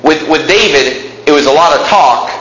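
A man's voice: fairly high pitch, animated, normal speed, a bit bright. Young man preaching in an echoey room. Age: young adult. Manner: reads scripture then explains it in plain talk, rising to fervent emphasis. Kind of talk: sermon. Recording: echoey room with faint ambience.

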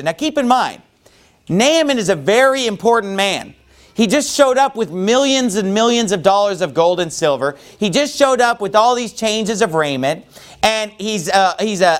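A male pastor with a high-pitched voice works through a Bible passage verse by verse. He keeps his delivery casual and chatty, with frequent "you know"s between points. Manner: conversational, with many filler "you know"s. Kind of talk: expository sermon on a Bible passage.

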